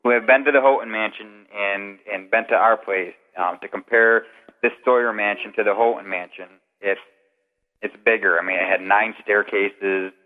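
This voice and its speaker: Low-voiced man on a tinny phone line. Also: fairly even intonation, moderate pace, long reverb tail. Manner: rambling, detailed anecdotes. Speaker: paranormal investigator guest. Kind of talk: casual storytelling interview.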